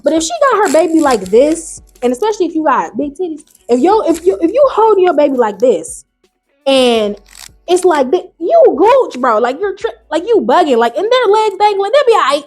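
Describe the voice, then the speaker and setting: A woman hosting a video, reading online stories aloud and reacting in animated, slangy, casual talk, jumping between loud high bursts and low mutters. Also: moderate pace, faint music behind. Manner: animated, slangy, talks back to the story. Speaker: YouTube host.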